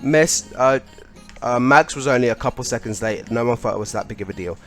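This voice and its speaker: A man's voice: mid-range voice, fairly quick, soft background music, voice pushed down, natural voice. A young man voicing a defiant teenage schoolboy who argues back at his teacher. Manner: pushy, argumentative. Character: defiant teenage boy student, stubborn.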